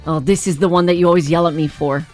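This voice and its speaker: A woman's voice: lowish voice, fairly even intonation, fast, darkish tone, soft background music. A woman with an American accent, co-hosting a casual studio chat and teasing her co-host. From United States. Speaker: radio co-host.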